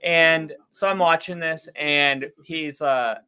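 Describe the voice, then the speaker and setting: A man's voice: fairly high pitch, takes it slowly, pushed and bright. A man co-hosting a casual fan broadcast of a football game, rambling through stories and laughing often. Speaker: fan co-host calling the game. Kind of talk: casual play-by-play chat.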